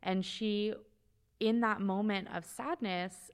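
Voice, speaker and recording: A woman in her thirties, a mother of two, tells a heartfelt personal story on a talk show in a quick, earnest way with halting restarts. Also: mid-range voice, steady tone, clean tone.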